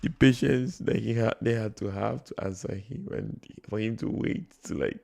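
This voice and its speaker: A man from Nigeria speaks in a Nigerian accent at a fairly low pitch and moderate pace, his dark tone edged with vocal fry. He reacts to videos on a phone livestream, rambling chattily with many fillers and chuckles.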